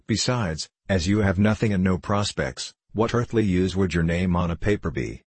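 A man's voice: low voice, lively intonation, normal speed, slightly rough, no echo. A man reading the part of a boisterous, suspicious middle-aged doctor who is ruined, talking in a blustering, confiding way.

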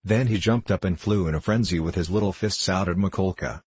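A man narrating a classic novel in a measured, steady storytelling voice. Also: low-pitched, slightly rough, no echo. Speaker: audiobook narrator.

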